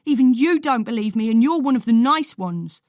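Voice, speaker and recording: Woman doing a shouting, tearful young boy. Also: fairly high pitch, animated, normal speed, dry recording, studio quality, pitched above the performer's own voice, close to an everyday voice. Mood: upset. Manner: shouting, wailing. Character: angry tearful boy, defiant older brother. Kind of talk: audiobook character voice.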